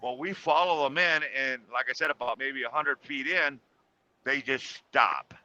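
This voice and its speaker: Bright-voiced man telling a rambling story. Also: medium pitch, moderate pace, dry recording, lo-fi sound. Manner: rambling, many restarts and fillers. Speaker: guest telling a personal story. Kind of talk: casual storytelling chat.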